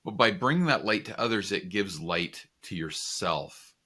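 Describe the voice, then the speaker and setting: A man co-hosting a podcast, speaking in a measured, reflective way. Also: sits low, animated, bright, forceful tone, husky. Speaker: podcast co-host. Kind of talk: casual conversation.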